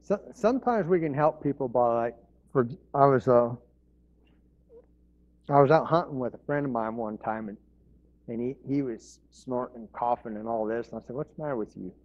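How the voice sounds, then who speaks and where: A man's voice: mid-range voice, moderate pace. Folksy preaching man, muffled recording. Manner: folksy storytelling with restarts and chuckles. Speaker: pastor. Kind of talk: informal sermon.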